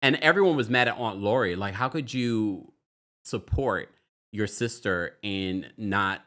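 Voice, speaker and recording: A man's voice: lowish voice, unhurried, a bit bright. A man hosting a live stream, chatting casually and reading viewer comments aloud as he goes. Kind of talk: casual live recap chat.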